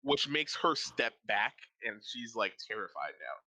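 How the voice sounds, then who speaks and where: Lively, bright-voiced man running a game. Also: medium pitch, a little slow, rough recording. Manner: animated, loose and laughing. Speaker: game master. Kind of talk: narrating a tabletop game.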